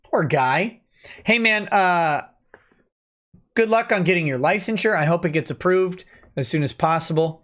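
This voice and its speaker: A man in his thirties with a high, slightly bright voice speaks a little slowly. He hosts a casual livestream, reading chat comments aloud and reacting to them between going over a legal document.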